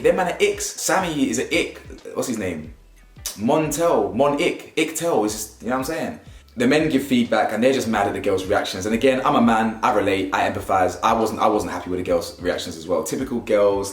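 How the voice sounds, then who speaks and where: A man's voice: on the low side, echoey room. A young man, commenting casually at home on a reality show in slangy, emphatic talk. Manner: animated, slangy, repeats himself for emphasis. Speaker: YouTuber reviewing a reality show.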